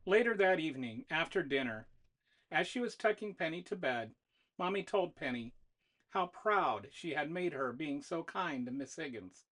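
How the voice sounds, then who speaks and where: A storybook narrator reading aloud with an expressive, animated delivery. The pitch rises and falls freely through each sentence. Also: moderate pace. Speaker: author and narrator.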